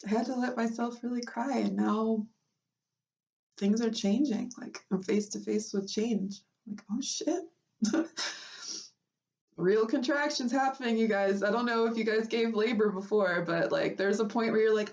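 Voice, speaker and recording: Tearful, casual-swearing woman streaming live, gravelly, heard from a little off the phone mic. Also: on the high side, unhurried, a little mellow, distant mic, highs cut off. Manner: emotional, laughing through tears, swears casually. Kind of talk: unplanned live stream chat.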